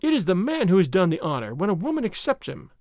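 A man's voice: high-pitched, huge pitch swings, quick pace, a little mellow, no echo, clean studio sound, exaggerated voice. A man voicing a proud young noblewoman in an audiobook, raising his voice for her and speaking with spirited indignation. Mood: indignant. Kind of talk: audiobook character reading.

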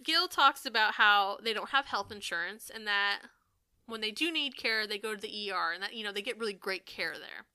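A woman's voice: mid-range voice, a little fast, clear, resonant tone, no echo. A young woman co-hosting a podcast in casual chat, ranting with sarcasm and swearing freely. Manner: sarcastic and profane, animated ranting. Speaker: podcast co-host.

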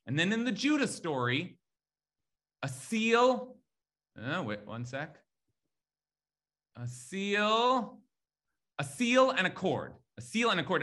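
A man's voice: sits high, bright, forceful tone. A man teaching a lecture on scripture, emphatic and repetitive, reading Hebrew words aloud and correcting himself as he goes. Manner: emphatic, repeats key words, reads Hebrew terms aloud; thinks aloud with fillers and self-corrections. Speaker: Torah teacher. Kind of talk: animated biblical lecture.

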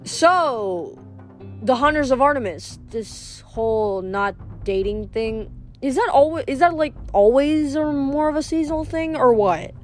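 A woman's voice: sits high, expressive, measured pace, soft background music, pitched above the performer's own voice. A woman reading aloud, voicing a wisecracking teenage boy who jokes awkwardly. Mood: joking.

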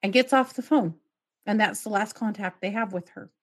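A woman's voice: medium pitch, moderate pace. A woman hosting a podcast, retelling a true crime case and acting out the quoted calls with outraged asides. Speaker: podcast host.

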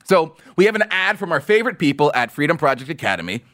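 A man hosting a political commentary podcast, full of sarcasm and mockery. His voice sits fairly high for a man and swings widely in pitch. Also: fast. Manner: sarcastic, mocking and animated. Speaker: podcast host.

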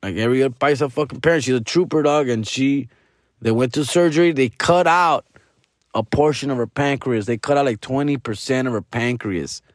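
A man's voice: medium pitch, fairly quick, dry recording, clean studio sound. Profane, rambling man. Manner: profane, rambling, drops Spanish slang. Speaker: podcast host. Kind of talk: comedic storytelling.

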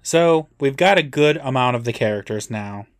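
Another male podcast co-host runs through a TV episode in relaxed conversation, keeping it dry and matter-of-fact. He speaks at a normal pace in a mid-range voice, yet comes across animated.

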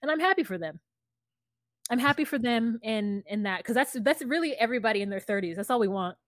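A woman's voice: on the high side, expressive, a little fast, no room sound. Blunt woman podcast co-host, dry sound. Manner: frank, blunt opinions with a laugh. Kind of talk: casual chat recapping reality TV.

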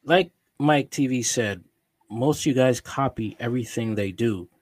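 A man's voice: medium pitch, moderate pace, no room sound. A man giving blunt, dismissive commentary about someone in a clip.

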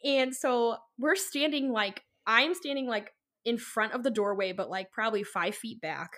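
A young woman with a fairly high voice tells a story on a podcast in loose, rambling chat. She leans on fillers and drops the odd swear word. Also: normal speed, sharp tone. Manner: rambling, full of likes and ums, swears freely. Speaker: podcast co-host.

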